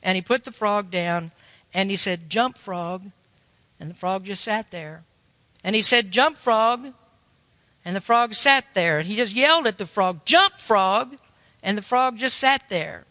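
Bright high-voiced man preaching a sermon. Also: moderate pace, no echo, big-room sound. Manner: storytelling, folksy and emphatic.

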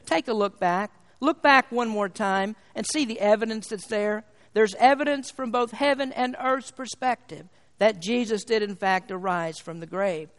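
High-voiced man preaching in a hall. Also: fairly bright tone. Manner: emphatic preaching with rhetorical questions. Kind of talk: sermon.

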